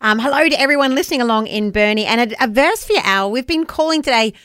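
A woman with a New Zealand accent co-hosting a breakfast radio show, bubbly and quick to laugh. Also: a little high, a bit bright, clear, resonant tone, dry recording, studio quality. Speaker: radio co-host. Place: radio studio. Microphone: studio microphone.

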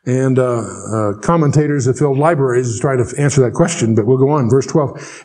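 An older man teaching the Bible verse by verse. He reads scripture slowly and explains it with dry asides. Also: mid-range voice, lively intonation, mellow.

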